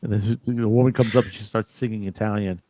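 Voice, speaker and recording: A man co-hosting a casual podcast chat, telling anecdotes in a halting way with many fillers and restarts. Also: lowish voice, steady tone, mellow. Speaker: podcast co-host.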